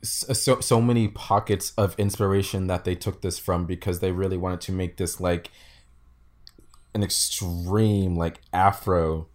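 A man with a very low voice talks in a loose, casual podcast chat. He trips over his words, repeating and restarting often, but keeps pushing on. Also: steady tone, measured pace, a little mellow. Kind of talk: casual podcast film discussion.

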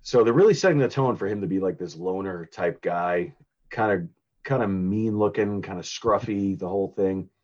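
A man's voice: low voice, normal speed, a little mellow, muffled recording. A man co-hosting a podcast, casually recapping a movie in a rambling, giggly way with lots of fillers and restarts. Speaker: podcast co-host recapping a film.

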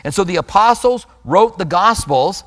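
A man preaching a sermon, reading scripture aloud and leaning hard on slow, emphatic words. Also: high voice, lively intonation, a bit bright, long reverb tail. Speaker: pastor.

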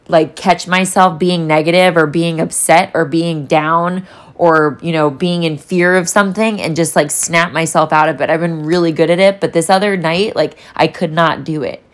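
A woman's voice: sits low, fairly even intonation, normal speed. A young woman talking candidly in a solo vlog, rambling and swearing freely as she reflects. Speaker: vlogger. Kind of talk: casual solo vlog talk.

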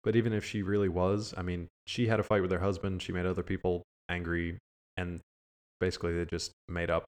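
A man's voice: sits low, level tone, brisk. A man co-hosting a casual podcast, blunt and crude, dismissive in his reviews. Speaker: podcast co-host. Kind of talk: casual chat reviewing a cartoon.

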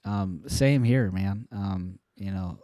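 A man's voice: sits low, takes it slowly, warm tone, no room sound, studio quality. A man co-hosting a faith podcast, talking in an earnest, rambling way with plenty of fillers. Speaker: podcast co-host. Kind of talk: casual faith talk.

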